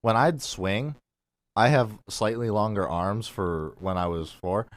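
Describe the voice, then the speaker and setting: A young male radio host tells a story in laid-back, casual chat, acting out other people's voices along the way. His voice is lowish, and he speaks a little slowly.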